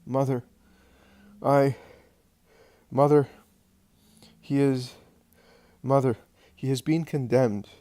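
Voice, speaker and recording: A remorseful young man cries out through sobs, his phrases breaking apart, as a male reader plays him. The voice lifts higher and louder than the narration. It is recorded close and dry. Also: little pitch movement, takes it slowly, long pauses, no room sound, natural voice. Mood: sobbing. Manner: sobbing, crying out in broken phrases.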